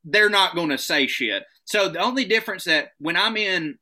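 A man with a Southern American accent, a stand-up comedian telling stories in an animated, profane, casual chat. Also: high-pitched, moderate pace. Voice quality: animated storytelling, swearing freely.

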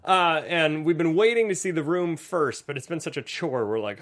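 A man's voice: a little high, moderate pace. A man co-hosting a podcast, chatting casually and joking around, with plenty of fillers. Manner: animated, jokey, lots of fillers. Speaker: podcast co-host. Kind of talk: casual chat.

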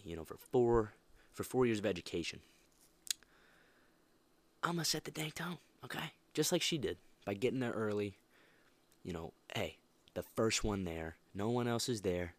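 This young man's voice is on the low side, recorded without echo. Hosting a motivational podcast, he speaks emphatically and casually, stumbling through frequent restarts and filler words.

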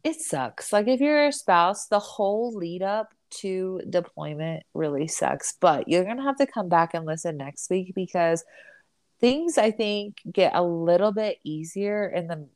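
Low-voiced chatty young woman. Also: lively intonation, a little slow, darkish tone, no echo. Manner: chatty, many fillers and restarts. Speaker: podcast co-host. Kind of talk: casual chat.

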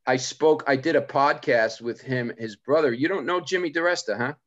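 A man hosting a podcast, chatting casually and telling rambling stories with quick asides. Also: medium pitch, dull audio. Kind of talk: casual chat.

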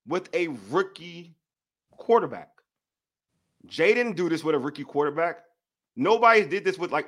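A man's voice: sits high, fairly bright tone. A young man with a DC-area accent, co-hosting a sports show, venting heatedly and repeating himself for emphasis. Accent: DC-area American English. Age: young adult. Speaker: sports podcast co-host. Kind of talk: heated casual sports talk.

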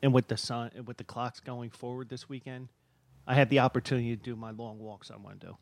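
A man's voice: medium pitch, little pitch movement, a little fast, creaky, dry recording. A man chatting as a regular on a radio talk show, laid-back and self-deprecating. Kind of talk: casual radio banter.

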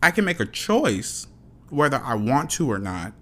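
A man's voice: medium pitch, sing-song, normal speed, bright, forceful tone. A man hosting a solo podcast, ranting frankly and passionately, swearing often and repeating himself. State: dry mouth. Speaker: podcast host.

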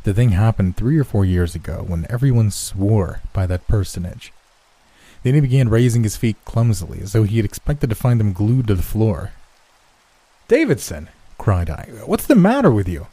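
Male horror story narrator, low mellow voice, dry close recording, steady reading pace. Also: normal speed, dry recording. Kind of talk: scripted first-person narration.

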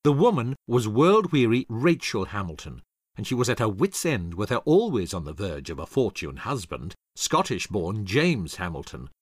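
A man's voice: lowish voice, normal speed, breathy edge, no room sound, clean studio sound. Dramatic male history narrator. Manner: dramatic, expressive storytelling.

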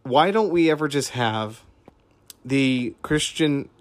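A man's voice: medium pitch, lively intonation, slow. A man hosting a podcast, talking through his views in a rambling, conversational monologue that keeps digressing. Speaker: podcast host. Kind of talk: casual monologue.

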